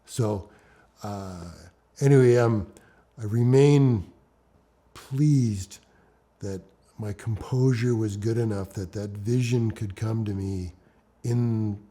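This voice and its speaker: A man in an interview, telling a climbing story in a lively way that swings between hushed and loud passages. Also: on the low side, takes it slowly, long pauses.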